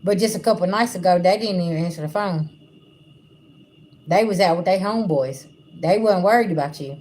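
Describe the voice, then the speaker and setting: On a livestream tarot-style reading, a female spiritual reader addresses her viewers bluntly and casually. Her voice is fairly low and darkish, and she talks fairly quickly.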